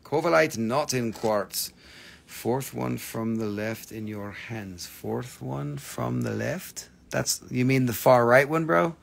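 In a mid-range voice with vocal fry, a man speaks a little slowly while running a livestream sale of rocks and minerals. He keeps the chat casual, joking around, cursing, and ribbing his viewers.

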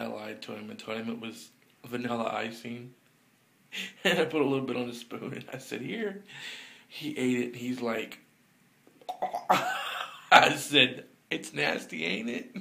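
A man's voice: medium pitch, creaky, bright, forceful tone, a little hiss or hum. A sleepy young man, rambling through a casual video diary with lots of fillers. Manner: drawling, rambling, laid-back with fillers. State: sleepy, yawning. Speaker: vlogger.

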